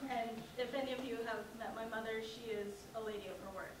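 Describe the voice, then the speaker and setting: Young woman doing a funny sarcastic talk, kinda high voice, noisy echoey room. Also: fairly even intonation, fast talker. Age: young adult. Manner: humorous, self-mocking, sarcastic. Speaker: student speaker. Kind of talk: personal talk at a student event. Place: lecture hall at a campus event. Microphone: not using the mic. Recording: very echoey hall, distant from mic, noisy.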